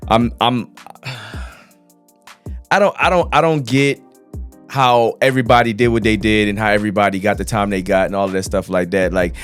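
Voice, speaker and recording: A man hosting an online news show, reacting loudly and expressively in casual slang. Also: fairly low pitch, steady tone, moderate pace, clean tone, faint music behind. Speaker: host.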